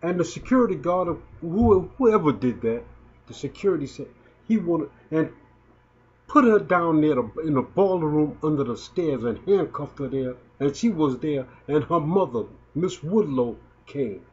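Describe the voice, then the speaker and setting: This video blogger, a man in his fifties, has a highish, animated voice with a darkish tone and talks a little slowly. His emotional commentary is indignant and halting, with repeated words. The recording sounds dull and lo-fi.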